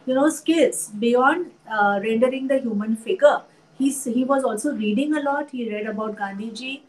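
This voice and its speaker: A woman with an Indian English accent, an art historian and teacher, speaking thoughtfully in an interview with many pauses and fillers. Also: on the high side, a little hiss or hum, rough recording. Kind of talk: interview conversation.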